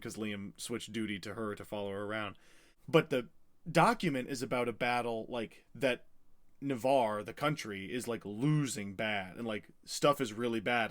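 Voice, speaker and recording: A man co-hosting a podcast, recapping a novel in a rambling, animated way, with many fillers and acted-out quotes. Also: medium pitch. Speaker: podcast co-host recapping a book. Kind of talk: casual chat.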